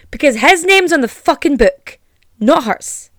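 An Irish woman hosting a storytelling podcast in a higher register, her voice swinging widely as she rants. She swears freely, drips sarcasm and gets indignant. The sound is close and dry, with no room around it. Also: normal speed, no room sound. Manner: animated and indignant. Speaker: podcast host.

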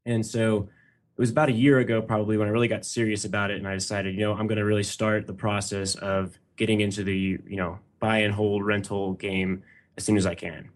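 Earnest young man, low voice. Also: flat delivery, fairly quick. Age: 20s. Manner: earnest, rambling with fillers. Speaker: podcast guest. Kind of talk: casual interview chat.

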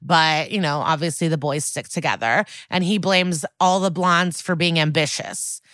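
A woman's voice: low voice, normal speed, fairly bright tone, no echo. A woman podcast co-host recapping a TV episode in a casual, sardonic, swear-heavy chat. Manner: sardonic, profane, chatty.

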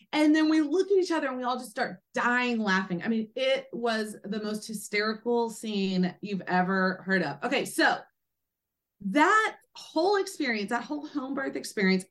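A woman guest, an author and doula, telling a personal story with animated energy and acting out quoted speech. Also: on the high side. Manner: lively, acts out quoted speech in a raised voice.

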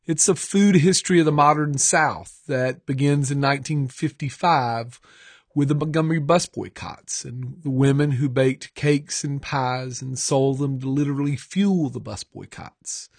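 A man's voice: mid-range voice, measured pace, gravelly, dry recording. A middle-aged man from the South, reflecting conversationally on his own book in a recording studio. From Georgia, US South. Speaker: author. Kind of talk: recorded author talk.

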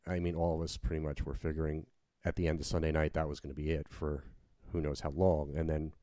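In casual conversation, this deep-voiced man, a podcast host and gigging cover-band musician, talks fast with a level, dark, mellow tone. His speech loops around with many fillers and restarts, captured in a dry, close recording without echo or room sound.

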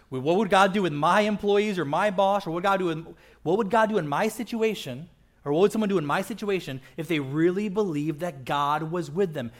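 A man preaching a conversational sermon as pastor, joking and often checking in with the crowd by asking "right?". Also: fairly high pitch. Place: church auditorium.

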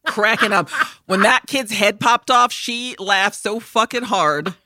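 A woman co-hosting a podcast in casual chat, an animated storyteller who swears freely and laughs often. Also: mid-range voice, unhurried, no room sound, clean studio sound. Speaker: podcast co-host.

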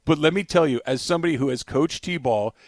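A man's voice: on the high side, brisk, dry recording, clean studio sound. A middle-aged man co-hosting a casual sports talk show, telling stories and laughing often. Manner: laughs often, animated storytelling. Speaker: co-host. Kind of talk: casual sports radio banter.

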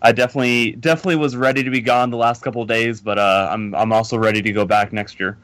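A man's voice: medium pitch, fairly even intonation, quick pace, a bit bright, no echo. A man guesting on a casual podcast, hesitant, with many fillers and repeats.

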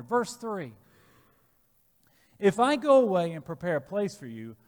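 Pastor, male, high voice, deliberate emphatic sermon delivery in a reverberant hall. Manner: slow, emphatic preaching with sudden loud stresses.

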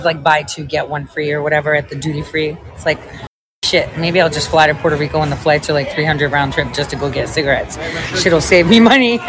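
A middle-aged woman livestreams from an outdoor smoking area at an airport, her fairly low, slightly bright voice captured with poor audio and slight background noise. She chats aimlessly with viewers, cursing freely and using lots of fillers.

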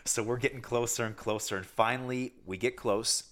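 A man telling a long fishing story in casual chat, animated and self-mocking, with many asides and restarts. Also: medium pitch, fairly quick.

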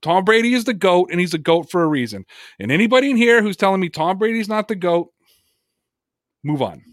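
Brief: talkative male podcast host, higher-pitched voice, dry close sound, emphatic and chatty. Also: big pitch swings, a little fast, dry recording. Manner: emphatic, talkative, reads chat comments aloud. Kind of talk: casual sports talk.

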